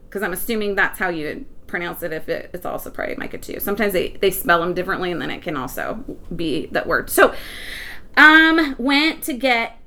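A woman teaching a Bible passage to a congregation, excitable, often laughing and restarting her sentences. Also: mid-range voice. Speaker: preacher.

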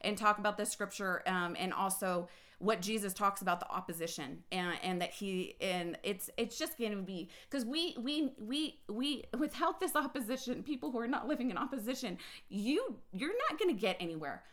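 A woman preaching an impassioned personal sermon on her podcast, swinging from quiet talk to loud, excited bursts. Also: mid-range voice, moderate pace, echoey room. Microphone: phone recording.

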